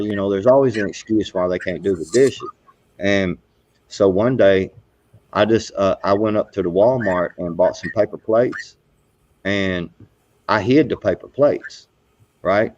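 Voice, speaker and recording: A man's voice: fairly low pitch, unhurried, darkish tone, dry recording. A middle-aged man hosting a casual live talk show, rambling with many fillers and restarts. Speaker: podcast host. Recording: dull, muffled sound.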